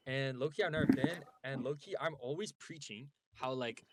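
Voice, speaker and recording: A man's voice: medium pitch, moderate pace, very noisy. A young man telling a long story on a podcast, rambling and slangy with lots of filler words. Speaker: guest.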